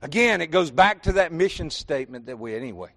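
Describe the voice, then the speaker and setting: A man's voice: fairly high pitch, big pitch swings, fast, a bit bright. A middle-aged pastor with a Southern accent, preaching a folksy sermon and quizzing his congregation directly. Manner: folksy, addresses congregation with questions and "y'all".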